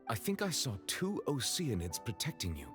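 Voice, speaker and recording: A man voicing a dignified male dragon judge in a video game, speaking in a calm, measured and formal manner. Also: medium pitch, soft background music. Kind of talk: game voice acting.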